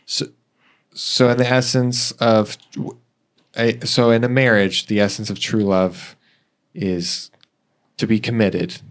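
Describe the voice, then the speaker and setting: A young adult man hosting a podcast, agreeing and summarizing in a halting way. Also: fairly low pitch, little pitch movement. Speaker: podcast host. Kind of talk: casual conversation.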